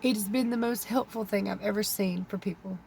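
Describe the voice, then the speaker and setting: A woman's voice: medium pitch, fairly quick, gravelly, a little mellow, slight background noise. A woman, a keto vlogger pleading earnestly with viewers, close to tears. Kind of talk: emotional vlog talk to camera.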